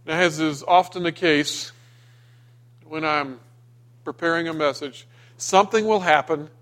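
A middle-aged man preaching a sermon, telling a personal story with rising emotion and raised, pleading tones in the retold scenes. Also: a bit bright. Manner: storytelling, emotional, rising in pitch when voicing himself in the dream. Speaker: pastor.

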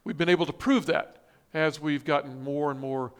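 A man's voice: fairly high pitch, fairly even intonation, normal speed, smooth. A man preaching a sermon, reading scripture and quotes with emphatic, rising stress and frequent restarts. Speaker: pastor.

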